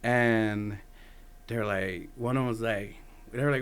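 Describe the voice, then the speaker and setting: A man's voice: mid-range voice, a little fast, a bit bright, a little hiss or hum. A man from Texas, a podcast guest, telling stories in a laid-back, casual way, swearing freely and laughing often. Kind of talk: casual conversation.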